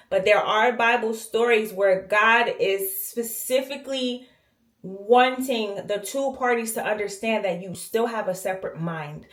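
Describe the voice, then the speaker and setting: Animated woman vlogger in echoey bathroom. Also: medium pitch, unhurried. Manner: animated, acts out quoted voices, slangy. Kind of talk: casual storytime while cleaning. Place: home bathroom.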